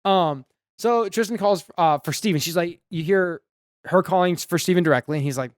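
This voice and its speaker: A man's voice: on the high side, a little fast, no echo, studio quality. A man co-hosting a podcast, sarcastically retelling a horror film's plot with quoted voices. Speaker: podcast co-host. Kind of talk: casual movie recap chat.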